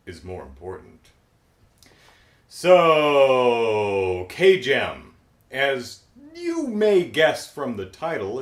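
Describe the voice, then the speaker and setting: A middle-aged man recapping a cartoon episode in a casual, jokey, rambling way. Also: lowish voice. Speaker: show recap host. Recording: roomy echo.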